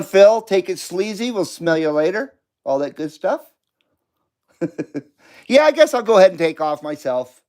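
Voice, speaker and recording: A man's voice: high voice, clear, resonant tone. Laid-back joking male stream host. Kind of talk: casual live chat reading comments.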